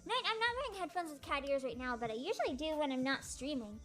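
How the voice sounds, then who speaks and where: A young woman streaming a game from home, with a very high voice that bounces around as she giggles and swears in excitement. Her talk runs unhurried between outbursts, and game music sits clearly behind her. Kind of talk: casual live-stream gaming chat. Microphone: desk mic with headphones.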